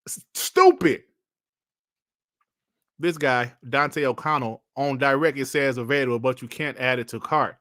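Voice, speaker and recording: A man's voice: medium pitch, steady tone, moderate pace, hardly any pauses, bright, forceful tone, dry recording, clean studio sound. A man giving casual, mocking commentary as a streamer, laughing often and swearing while he reads out and answers comments.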